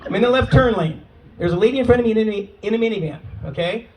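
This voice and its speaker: A man in his forties telling brash, profane stand-up stories in an animated way. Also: high voice, fast talker, noisy background. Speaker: stand-up comedian. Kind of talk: stand-up storytelling. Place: live comedy venue. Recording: distant mic with a crowd, comedy club.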